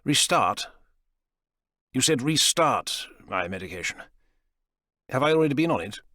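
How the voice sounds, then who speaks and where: A man's voice: mid-range voice, animated, a little slow, pushed and bright, no echo, studio quality, voice pushed up. A man voicing a wary, sardonic squadron leader in his thirties, his voice raised and strained above his own. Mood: probing.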